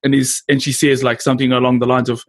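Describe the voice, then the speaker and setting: A young man hosting a casual chat with friends, animated and laughing a lot as he acts out film lines in voices. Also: mid-range voice, quick pace. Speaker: podcast host.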